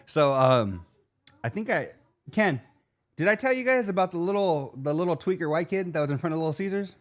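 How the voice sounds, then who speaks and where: A man from Arizona with a fairly high voice talks briskly as a podcast co-host. He tells a story in an animated, slangy way, calling people "dog" constantly.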